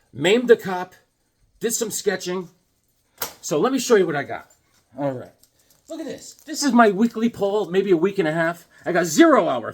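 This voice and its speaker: A man hosting a comic book channel, telling goofy stories in a rambling, animated way full of restarts. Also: sits high, husky. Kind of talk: casual storytelling vlog.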